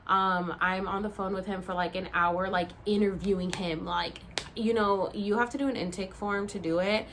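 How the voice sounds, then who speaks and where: A woman's voice: medium pitch, fairly even intonation, normal speed, a bit bright, slight background noise. A woman in her thirties, tired and rambling, telling a personal story to camera in a casual vlog with plenty of fillers. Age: 30s. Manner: chatty, rambling, heavy use of "like" and "um". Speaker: vlogger.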